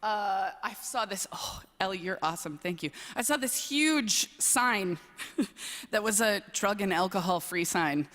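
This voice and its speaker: Bright, chatty young woman in a chapel. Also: mid-range voice, lively intonation, measured pace. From southern Wisconsin. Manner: chatty and playful, self-deprecating, many "um"s. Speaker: chapel speaker, speech coach. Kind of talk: humorous personal talk at a chapel service. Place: large chapel. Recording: long reverb in a large chapel.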